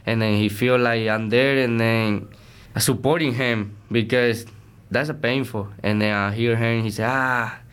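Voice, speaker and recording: Here a Venezuelan baseball player is the guest in a casual interview chat, speaking earnest, energetic broken English. His voice is smooth and mid-range, with a measured pace.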